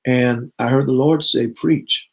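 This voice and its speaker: Here a man in his fifties, appearing as a guest bishop, recounts his testimony at a normal pace and medium pitch. An earnest storyteller, he performs remembered conversations, captured on a rough recording.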